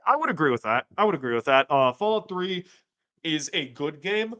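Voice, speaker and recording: A man hosting a casual livestream, reading chat aloud and rambling, with restarts and sudden excited jumps in pitch. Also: brisk, dry recording, highs cut off. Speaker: streamer host reading chat.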